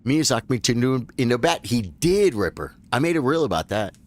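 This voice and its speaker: A man streaming live gameplay, chatting casually and breaking into loud, excited yelps during fights. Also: medium pitch, fairly quick. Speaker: game streamer.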